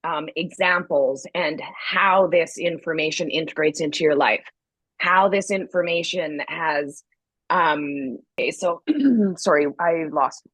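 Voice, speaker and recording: In a casual podcast chat, a female co-host speaks slowly in a low voice, a slight cold audible as she candidly tells a story and acts out people's quotes. The audio is poor, with no echo.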